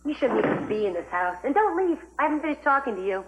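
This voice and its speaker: A spiteful schemer who taunts and gloats, her slightly high voice swinging widely. A 1980s TV soap drama. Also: sing-song, fast, highs cut off, background noise. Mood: sneering. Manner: sneering, taunting.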